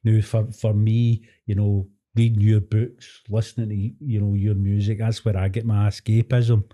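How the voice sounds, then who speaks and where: Low, mellow-voiced man chatting. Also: little pitch movement, moderate pace, dull audio. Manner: rambling, many fillers. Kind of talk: casual chat.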